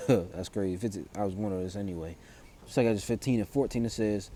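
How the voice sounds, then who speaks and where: A man preaching in an informal style, reading scripture and news aloud and then explaining it in loose, halting speech full of fillers and restarts. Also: on the low side, warm tone. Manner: reads verses aloud, then explains them.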